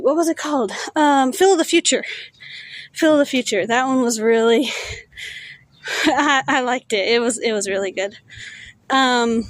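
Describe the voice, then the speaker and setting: A woman in her thirties with a notably high voice streams while she walks along a road outdoors. She takes her time, rambling and stopping with lots of fillers as she digs for memories. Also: no room sound, low-quality recording. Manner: rambling, halting recall with many fillers. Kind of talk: casual chat while walking.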